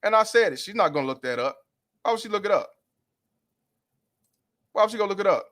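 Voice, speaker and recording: A man's voice: high voice, lively intonation, brisk, a bit bright. A man hosting a livestream, ranting bluntly and profanely in heated commentary. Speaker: livestream host.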